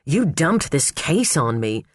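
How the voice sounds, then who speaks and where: A man's voice: on the high side, very animated, slow pace, no echo, clean studio sound, heavily acted. A man voicing a fussy male attorney who pouts and complains, in an audiobook. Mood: whiny. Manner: pouting, complaining.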